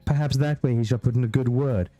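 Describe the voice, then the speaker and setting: A man's voice: mid-range voice, fairly even intonation, quick pace, warm tone, faint music behind, pitched above the performer's own voice, close to an everyday voice. A man reading a weary, proud seer woman. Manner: formal, archaic, dismissive.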